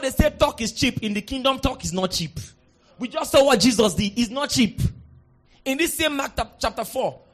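A man with a Nigerian accent preaching a sermon, moving from soft asides to shouted declarations. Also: very high voice.

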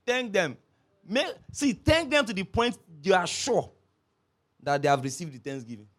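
A man preaching a sermon, telling stories with lively repetition. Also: high-pitched, normal speed. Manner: animated storytelling, repeats phrases, laughs often. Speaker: pastor.

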